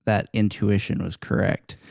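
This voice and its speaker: Deadpan young co-host, low voice. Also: male voice, moderate pace, creaky, dry recording. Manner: dry, deadpan wisecracks. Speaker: podcast co-host. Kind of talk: casual chat.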